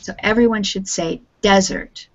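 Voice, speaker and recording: A woman teaching an English vocabulary class, speaking patiently and enunciating every word clearly. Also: medium pitch, takes it slowly, lo-fi sound.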